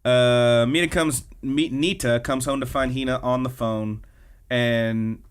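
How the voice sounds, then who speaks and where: A young adult man hosting a casual anime podcast, retelling scenes with lively storytelling. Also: mid-range voice, a little slow, smooth. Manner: animated storytelling, acts out scenes. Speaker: podcast host.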